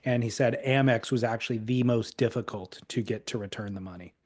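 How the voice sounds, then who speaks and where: A man's voice: mid-range voice, fairly quick, a little mellow. A man co-hosting a podcast, telling a story in casual chat with fillers. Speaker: podcast co-host.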